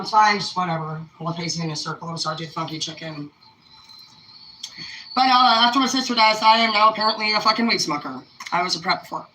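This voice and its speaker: This young woman's voice is on the low side with a sharp tone as she casually rambles through profane personal stories, laid-back all the while. The sound is roomy and echoey, recorded from a distant mic with faint noise.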